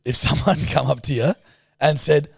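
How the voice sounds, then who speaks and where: A man's voice: on the high side, normal speed, gravelly, slightly rough, dry recording, clean studio sound. A man co-hosting a podcast, joking and teasing in crude casual banter. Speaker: podcast co-host.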